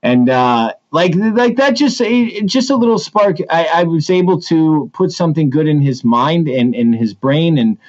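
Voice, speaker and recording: A man, an assistant principal, telling stories in a casual interview, animated and full of restarts. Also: fairly high pitch, moderate pace, few pauses, dull audio. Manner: animated storyteller with many restarts.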